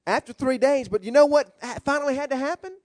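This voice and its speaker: A man who is a rabbi, preaching a sermon with animated, humorous storytelling. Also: very high-pitched, quick pace, no room sound.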